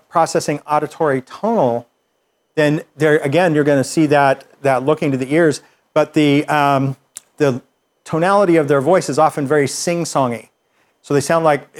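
A man teaching a workshop group, explaining in a relaxed, conversational way with fillers and restarts. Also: medium pitch. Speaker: workshop instructor.

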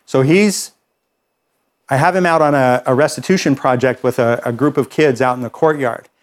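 A man running a workshop for a small group, speaking at an ordinary middle pitch. He explains ideas and tells stories in a relaxed, conversational way. He keeps asking "okay?" to check that everyone is following. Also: normal speed. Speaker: workshop trainer. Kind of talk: classroom teaching with anecdotes.

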